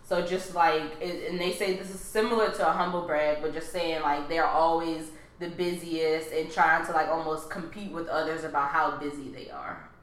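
A young woman with a fairly low voice chats easily through a list of pet peeves, laughing often. The sound carries a noticeable room echo. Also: moderate pace. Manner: relaxed, laughs often, reads list items. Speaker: podcast co-host. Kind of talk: casual chat. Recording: echoey room.

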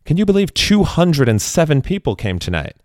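A man's voice: on the high side, sing-song, brisk, darkish tone, no echo, clean studio sound, pitched above the performer's own voice. A man voicing a proud, grandiose male stage magician in a spoken story. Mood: boastful. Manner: grandiose, self-congratulating, apologetic when explaining.

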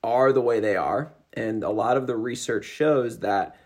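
A man's voice: mid-range voice, measured pace, a little mellow. A man hosting an interview, asking loose questions full of "um" and "like". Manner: rambling questions with many fillers. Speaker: podcast host. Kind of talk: casual interview.

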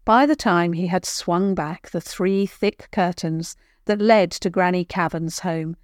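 A woman's voice: on the low side, measured pace, dry recording, clean studio sound. Older woman reading a children's story. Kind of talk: scripted children's story narration.

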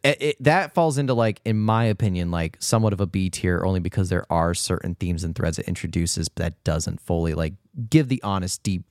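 A man's voice: sits low, brisk, hardly any pauses, darkish tone, no room sound, clean studio sound. A man co-hosting a casual film podcast, talking in hesitant, meandering stretches. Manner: hesitant, full of "like" fillers. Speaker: podcast co-host.

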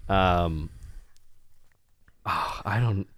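A man's voice: deep voice, very slow, a bit bright, dry recording, clean studio sound. A young adult man chatting as a podcast guest, easygoing and self-deprecating, laughing often. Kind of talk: casual chat.

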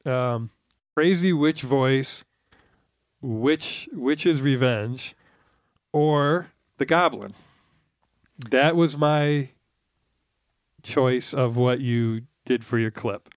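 Smooth-voiced joking podcast man. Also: medium pitch, no echo, clean studio sound. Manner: quick jokey interjections. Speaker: podcast co-host. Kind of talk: casual movie podcast chat.

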